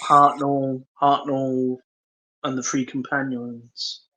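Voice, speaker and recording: A man's voice: medium pitch, level tone, slow pace, pushed and bright, rough recording. A man co-hosting a podcast, reading out trivia in a hesitant, casual way. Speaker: podcast co-host. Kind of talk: casual chat.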